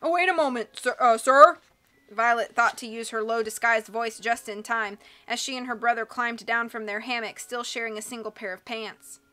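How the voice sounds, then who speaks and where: Bright-voiced woman streamer reading aloud. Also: fairly high pitch, level tone, normal speed, few pauses, smooth. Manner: chatty, giggly, casual with viewers. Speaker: audiobook reader and live streamer. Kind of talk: live-stream chat and storybook reading. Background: faint background music.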